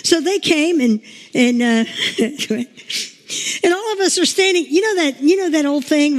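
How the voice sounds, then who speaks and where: A woman's voice: sits high, lively intonation, moderate pace. A woman pastor giving a chatty, emotional sermon, telling stories and laughing along the way. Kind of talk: informal sermon with storytelling. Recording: long reverb in a large room.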